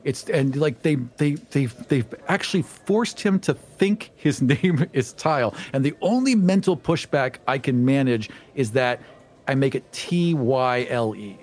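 Animated man playing a tabletop game. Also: medium pitch, a little slow. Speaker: player.

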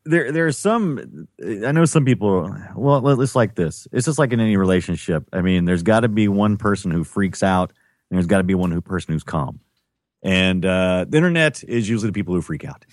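A man co-hosting a casual podcast chat, teasing his co-host and mimicking other people in a lively way. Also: deep voice, brisk, dry recording, clean studio sound.

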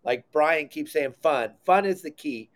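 A middle-aged man talking on a casual podcast, emphatic and enthusiastic, his voice sitting a little high for a man. He punches his points hard and comes back to them again and again. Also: lively intonation, measured pace. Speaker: podcast host.

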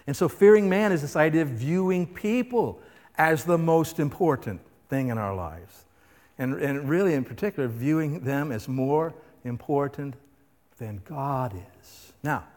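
A man's voice: a little high, lively intonation, moderate pace. A man pastor delivering a sermon, emphatic and full of rhetorical questions to the congregation. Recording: reverberant hall.

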